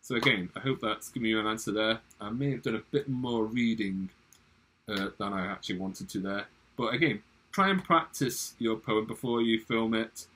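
A man's voice: lowish voice, normal speed, sharp tone, slightly rough, poor audio. A male drama teacher giving instructions in a recorded online lesson, friendly and instructive with frequent restarts.

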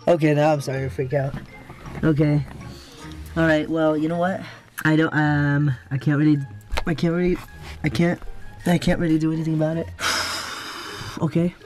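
A man's voice: fairly high pitch, little pitch movement, moderate pace, long pauses, darkish tone, soft background music. Anxious young man buried underground. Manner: anxious, sighing, talking to camera. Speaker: vlogger. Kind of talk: casual vlog talk.

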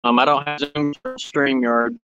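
A man's voice: medium pitch, steady tone, normal speed, a bit bright, muffled recording, soft background music. A man live streaming from a cell phone beside railroad tracks, chatting casually and greeting viewers by name. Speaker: railfan livestreamer. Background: background noise, running engines.

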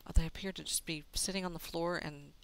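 A woman's voice: sits low, fairly even intonation, quick pace, vocal fry, slight background noise. A woman giving playful, chatty commentary while she plays a video game, talking to herself as she goes. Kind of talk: gameplay commentary.

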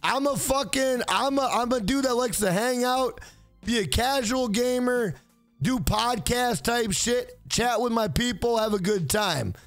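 A man hosting a casual livestream, loud, profane and joking as he reads chat aloud. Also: very high-pitched, a little slow, faint music behind. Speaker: livestream host.

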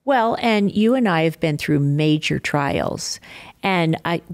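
A woman's voice: low-pitched, slow. An older woman, a podcast guest, telling stories of faith and divorce and acting out the people she quotes. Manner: animated storyteller acting out quoted voices. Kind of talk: faith-filled storytelling interview.

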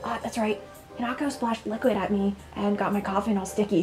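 A woman commenting on a video game playthrough, reacting dramatically and excitably and laughing often. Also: mid-range voice, fairly quick, soft background music. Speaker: gaming video host. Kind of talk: let's-play reaction commentary.

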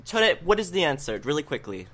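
A man's voice: on the high side, big pitch swings, quick pace, a bit bright. A man hosting a casual podcast quiz game, often laughing and breaking composure while reading questions.

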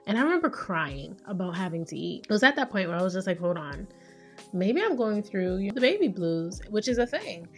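A woman's voice: mid-range voice, sing-song, fairly quick, hardly any pauses, faint music behind. A woman, hosting a casual solo podcast as a therapist and talking candidly and playfully. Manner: candid, playful, acts out quoted voices.

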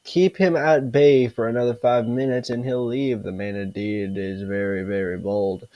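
A man reading a creepy rhyming storybook aloud, slowly and stumbling over words. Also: mid-range voice, fairly even intonation, no echo, muffled recording, pitched below the performer's own voice, natural voice. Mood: eerie. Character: spooky storybook narrator.

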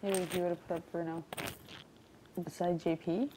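A woman's voice: fairly low pitch, little pitch movement, normal speed, noisy background. A woman, a reality show contestant, chatting casually in a blunt, slangy way. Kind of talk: casual chat.

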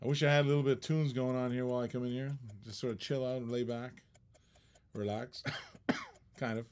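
A man's voice: medium pitch, fairly even intonation, fairly quick, a little mellow, clear, resonant tone. Chatty man hosting a live auction. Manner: chatty, laughs often, teasing the bidders. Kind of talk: casual live-stream auction chat.

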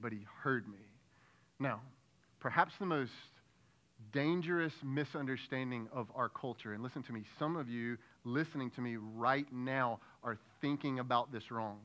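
Bright-voiced pastor preaching conversationally. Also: male voice, medium pitch. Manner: conversational preaching, asks the congregation questions, acts out prayers. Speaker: lead pastor. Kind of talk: sermon.

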